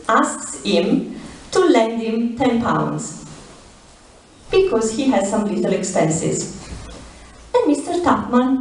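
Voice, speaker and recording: A woman giving a conference talk, retelling a plot with lively emphasis and dramatic pauses. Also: medium pitch. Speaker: literature scholar. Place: university lecture hall. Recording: echoey lecture hall, mic at a distance.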